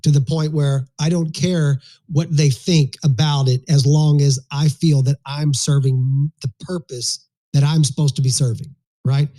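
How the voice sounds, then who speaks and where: Southern us guy chatting in a live audio room, rambly and jokey, mellow and a bit high. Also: fairly even intonation, a little slow. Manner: joking, rambling, blunt. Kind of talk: casual chat.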